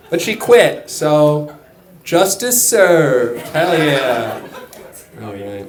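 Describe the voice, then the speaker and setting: A man's voice: on the high side, animated, slow. A man doing a stand-up comedy set on a club stage, talking loosely and conversationally with offhand asides. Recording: echoey club with crowd laughing.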